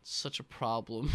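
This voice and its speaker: A man ranting excitedly on a casual gaming podcast, swearing often. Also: mid-range voice, no room sound. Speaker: podcast co-host.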